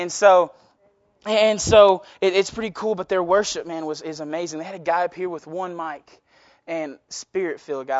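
A man's voice: fairly high pitch, no echo, lo-fi sound. A young man preaching to a youth group as their minister, impassioned and rambling, with self-deprecating asides. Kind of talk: youth sermon.

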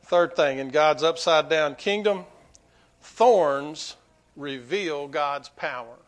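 A man preaching a sermon to his congregation, swinging between quiet asides and loud, emphatic peaks. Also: on the high side, slow pace. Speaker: pastor.

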